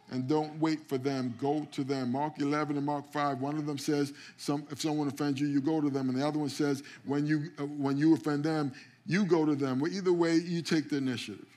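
Preaching from a church sanctuary, this male pastor speaks briskly in a high-leaning, darkish voice with fairly even intonation. He calls out to the congregation and repeats words as he launches into phrases.

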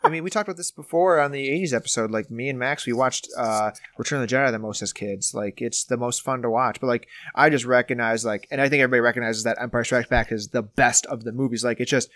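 A man's voice: mid-range voice, quick pace, hardly any pauses, fairly bright tone, no room sound, clean studio sound. A man co-hosting a podcast in loose, casual chat, swearing freely and filling his talk with "like". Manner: loose, profane, filler-heavy talk with lots of "like". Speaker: podcast co-host running a quote quiz.

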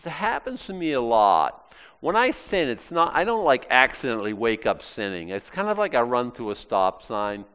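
A man's voice: medium pitch, big pitch swings, moderate pace, a bit bright, smooth. A man preaching a sermon, acting out quoted lines in shifting voices. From Maine, US. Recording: long hall reverb.

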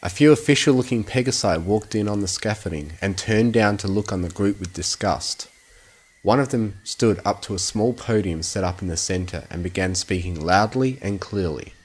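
A man reading a story aloud as an audiobook narrator in a steady storytelling manner. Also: lowish voice, moderate pace, breathy edge. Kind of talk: scripted narration.

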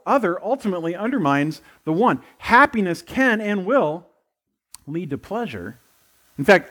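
A middle-aged man, a pastor, preaching a conversational sermon and acting out playful quoted voices. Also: high voice.

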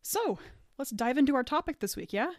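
A woman hosting a podcast with a fairly high, upbeat voice, giggling as she chats. Her sound is close and dry, with no room around it. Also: animated, a little fast, no room sound. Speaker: podcast host. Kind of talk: casual chat.

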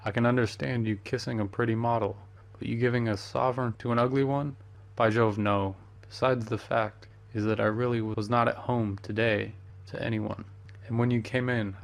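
A man's voice: lowish voice, flat delivery, moderate pace, gravelly. A man doing an urbane, teasing painter. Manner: amused, urbane, drops French phrases. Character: worldly, teasing male painter friend.

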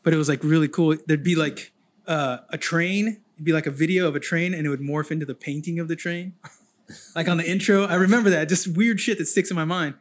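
A man's voice: on the high side, a little fast. A man chatting on a podcast as a guest artist, telling rambling, profane stories. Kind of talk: casual chat.

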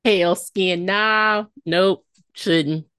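A woman's voice: medium pitch, fairly even intonation, very slow, fairly bright tone, clean tone, no room sound, studio quality. A woman co-hosting a podcast, reacting expressively and chiming in with agreement during a casual TV recap. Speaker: podcast co-host.

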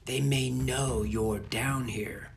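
A wary ally whispering urgently, as a man reads him out, quiet and slow. The voice stays hushed and low in a storybook reading. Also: fairly even intonation, gravelly, music in the background.

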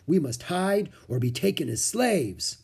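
A hearty, jolly monk, bald and middle-aged, speaking with a slightly husky edge, as a storyteller puts him on. His voice swings lively up and down. He is friendly but turns serious when warning about danger. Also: on the high side, a little slow, pitched above the performer's own voice, full character voice. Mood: grave.

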